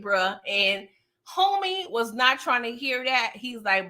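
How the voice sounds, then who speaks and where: Bright, chatty woman host. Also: on the high side, lively intonation, unhurried. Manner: slangy, chatty, laughs often. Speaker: TV show recap host. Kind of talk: casual livestream recap.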